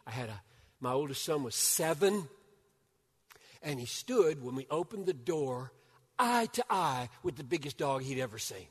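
An older man preaching a sermon as a pastor. He swings from loud, urgent bursts down to hushed near-whispers. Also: medium pitch, big pitch swings, normal speed, slightly rough. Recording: long hall reverb.

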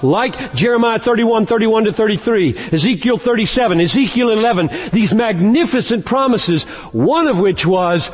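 A man preaching a sermon as pastor, emphatic and slowing down to stress key words. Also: high-pitched. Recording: long hall reverb.

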